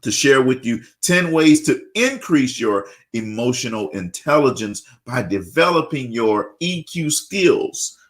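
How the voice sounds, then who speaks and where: A man hosting a radio talk show, energetic and repetitive, often tagging on questions. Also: medium pitch, unhurried, few pauses.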